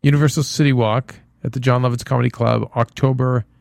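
Male podcast host, gravelly, rambling delivery, dry close mic. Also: mid-range voice, steady tone, fast talker, a little mellow, dry recording. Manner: rambling, many restarts. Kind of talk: casual chat.

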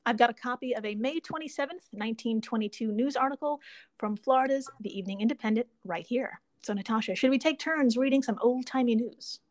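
A woman's voice: on the high side, fairly quick. A woman co-hosting a casual podcast, playful and laughing often as she reads out odd facts. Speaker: podcast co-host.

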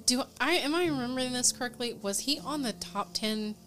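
Podcast co-host, woman, slightly higher voice, interjects with questions and reactions. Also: fairly bright tone, soft background music. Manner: chiming in with quick questions and reactions. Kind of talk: casual chat.

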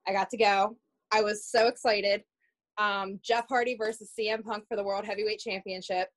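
Podcast guest, woman, excited and gushing, casual delivery. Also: medium pitch, moderate pace. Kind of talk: casual chat.

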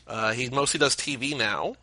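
This man's voice is bright and forward, recorded close and dry. He chats casually as a podcast co-host, wandering into tangents and piling on trivia during a movie watch-along. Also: medium pitch, moderate pace, no echo, poor audio. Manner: chatty, digressive, trivia-dropping. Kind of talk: casual movie commentary chat.

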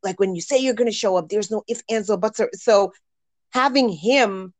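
A woman talking about her parenting in a casual chat, chatty and animated with laughing asides. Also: medium pitch, normal speed, dry recording. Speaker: parent sharing experiences.

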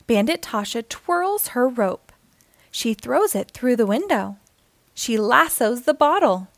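A woman reading a children's picture book aloud with an expressive storytelling manner. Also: fairly high pitch, slow pace, no room sound.

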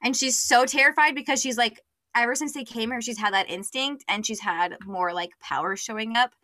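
A young woman talks through a book she loved on a podcast, chatty and full of fillers. Her voice is bright and on the higher side. The sound is dry and close. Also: a little fast, no room sound. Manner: chatty, many fillers, acts out quotes. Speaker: podcast co-host. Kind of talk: casual book chat.

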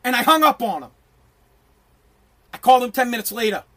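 Brash middle-aged male ranter with a strikingly high voice, profane and emphatic, prone to shouting. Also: animated, brisk. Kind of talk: ranting monologue.

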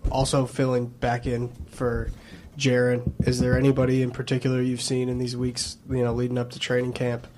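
A male reporter poses a question at a media session, stopping and restarting partway through. His delivery is extremely flat and even. Faint background noise comes through. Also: medium pitch, moderate pace, few pauses. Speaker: sports reporter. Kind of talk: press conference question.

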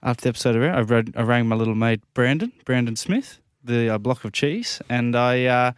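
Smooth deadpan co-host. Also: male voice, medium pitch, fairly quick, no room sound, clean studio sound. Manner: deadpan, mock-serious. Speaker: radio co-host. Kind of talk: deadpan banter.

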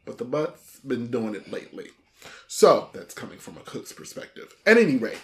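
Loud, profane podcast co-host. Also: big pitch swings, moderate pace. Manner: loud, profane, emphatic with big pitch swings. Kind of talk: casual chat.

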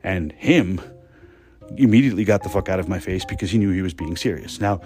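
A man in his thirties with a fairly low voice tells a long work story from home in a loud, animated and sarcastic way, swearing freely. Faint music plays quietly behind him. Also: brisk. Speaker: podcast host, restaurant manager. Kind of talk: casual storytelling monologue. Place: indoors at home.

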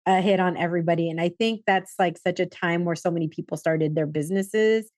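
A woman's voice: lowish voice, steady tone, a little fast, darkish tone, no room sound. Bubbly woman podcast host, dry sound. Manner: bubbly, curious, laughs often. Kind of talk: casual interview chat.

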